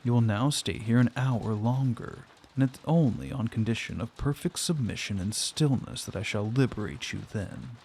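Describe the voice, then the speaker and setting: A man's voice: mid-range voice, moderate pace, hardly any pauses, a little mellow, slight background noise, natural voice. A man voicing a stern, cold aunt giving severe orders in a storybook reading. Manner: clipped, authoritative.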